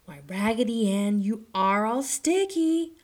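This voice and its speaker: Woman doing a shrill scolding little girl. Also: animated, a little slow. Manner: high, loud, exclaiming. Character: little girl doll owner, scolding, fussy.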